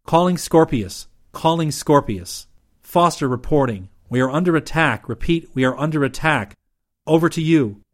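A man voicing a decisive young male space marine officer who gives brisk commands. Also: medium pitch, natural voice. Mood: urgent.

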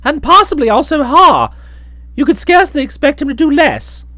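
A woman reading an audiobook, voicing a cheerful, breezy young gentleman who chats in an airy manner. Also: high-pitched, big pitch swings, moderate pace, dry recording. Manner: breezy, chatty.

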